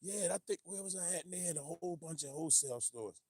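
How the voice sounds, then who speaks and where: A man with hosting a casual livestream, rambling and animated, often losing his train of thought and laughing as he reads viewer comments. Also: on the high side, fast talker, husky, dry recording, studio quality. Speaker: livestream host.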